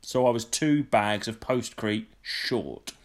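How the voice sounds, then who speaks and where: A man's voice: fairly low pitch, slow. A man telling a long, sweary, indignant story in casual chat. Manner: sweary, indignant, mimics people in his stories.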